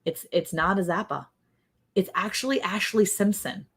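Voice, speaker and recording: A woman's voice: medium pitch, moderate pace, fairly bright tone, husky. A woman hosting a casual livestream, quizzing her co-host and reading viewer comments aloud. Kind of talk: casual chat, running a guessing game.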